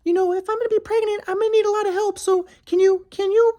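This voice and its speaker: A man voicing his defensive, pleading young ex-girlfriend in a high, whiny falsetto. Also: level tone, quick pace, dark tone.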